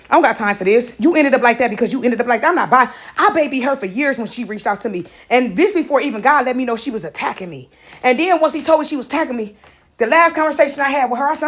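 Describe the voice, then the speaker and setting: A woman in a casual, animated monologue, acting out other people as she tells stories. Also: high-pitched. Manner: animated storytelling, mimics others.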